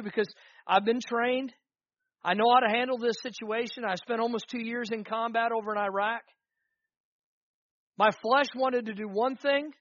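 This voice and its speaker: High voiced pastor guy preaching hard, repeats himself a lot, kinda muffled dry sound. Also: fairly even intonation, moderate pace, long pauses, a bit bright, no room sound. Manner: preaching with rising fervor, repetitive emphatic phrases. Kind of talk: sermon.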